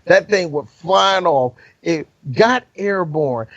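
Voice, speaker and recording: A man's voice: on the high side, animated, slow, highs cut off. A man co-hosting a casual movie podcast, joking and swearing, laughing often. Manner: laughs often, profane, jokey impressions. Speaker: podcast co-host.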